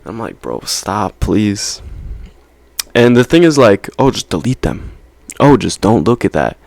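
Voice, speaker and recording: A man's voice: mid-range voice, very animated, moderate pace, vocal fry, a little mellow, no room sound. A young man vlogging in a casual, rambling monologue, peppered with slang and "right?" checks.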